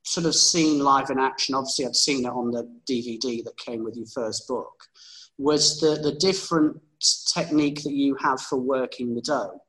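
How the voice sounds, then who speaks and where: A male podcast host asks long, meandering questions, often stopping on filler words along the way. His delivery stays relaxed and conversational. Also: medium pitch, moderate pace, rough recording. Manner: rambling, filler-heavy questions. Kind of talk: casual interview chat.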